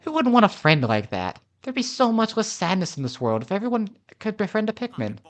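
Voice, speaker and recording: A man voicing a gentle male botany enthusiast from a video game, earnest and dreamy. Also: high-pitched, very animated, brisk, pitched above the performer's own voice.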